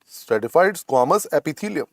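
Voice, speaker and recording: A middle-aged Indian-accented man teaches a medical exam class, repeating each point and coaxing his students. His voice sits a little high and swings widely in pitch. The recording is dry and close. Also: very animated, normal speed, dry recording. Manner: repetitive, coaxing, calls students "beta". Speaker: medical lecturer. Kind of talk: exam coaching lecture.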